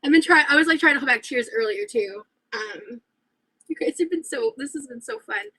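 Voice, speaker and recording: A young woman livestreaming as she opens gifts, talking in gushing, breathy exclamations full of fillers. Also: sits high, expressive, brisk, bright, forceful tone, poor audio. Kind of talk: casual livestream chat.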